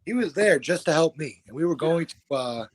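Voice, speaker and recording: A man's voice: a little high, brisk, no echo. A young man telling a rowdy story as a guest fighter, swearing freely and acting out the voices of the people in it. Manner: animated, swearing, acts out quoted voices. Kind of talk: casual storytelling.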